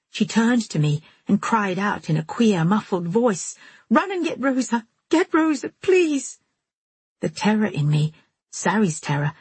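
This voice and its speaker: A woman narrating a first-person story in a steady storytelling manner. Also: fairly low pitch, husky, dry recording. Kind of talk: audiobook narration.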